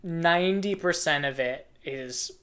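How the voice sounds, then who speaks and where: A man's voice: a little high, a little slow, fairly bright tone, smooth. Thoughtful man in casual podcast chat. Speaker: podcast co-host.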